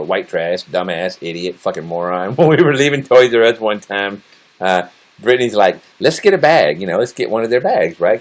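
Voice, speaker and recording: A man livestreaming in casual chat, cursing freely and laughing at his own jokes. His voice sits low but moves widely in pitch. He rambles from one topic to the next. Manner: profane, rambling and jokey, laughs often.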